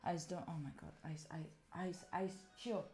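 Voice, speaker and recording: Soft background music plays as a woman speaks at normal speed in a fairly low, steady, darkish voice. An Italian streamer whose first language is Italian, she chats casually with viewers, thinks aloud while setting up and speaks right to chat.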